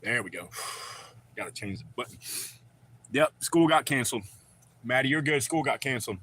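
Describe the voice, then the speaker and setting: A man's voice: mid-range voice, expressive, normal speed, a bit bright, husky. A man, chatting loosely and profanely with viewers on a live stream. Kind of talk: casual live-stream chat.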